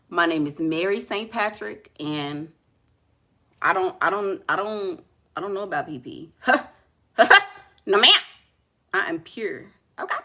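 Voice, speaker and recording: A woman hosting a casual live chat, sassy and teasing and quick to laugh. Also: on the low side, bright, forceful tone. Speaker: livestream host.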